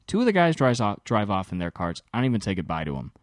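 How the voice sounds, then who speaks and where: Young man, podcast host, solo storytelling, exasperated, swears a lot, low voice, very lively pitch. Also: fast, few pauses, no room sound, clean studio sound. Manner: animated, exasperated, swearing often.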